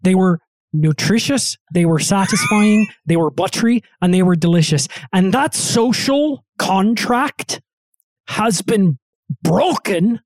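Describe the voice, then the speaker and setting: A man's voice: high voice, lively intonation, slow, no echo, clean studio sound, heavily acted. A man putting on a solemn lecturing pundit voice. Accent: slight Irish-sounding brogue. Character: impression of a pompous male public intellectual.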